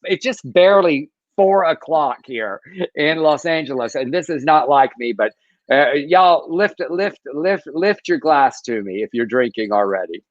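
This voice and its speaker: A man from Texas with a Southern accent co-hosting a casual livestream, expressive and prone to stammered restarts. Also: mid-range voice, moderate pace, no room sound. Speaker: co-host. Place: Los Angeles. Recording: dry lo-fi stream audio.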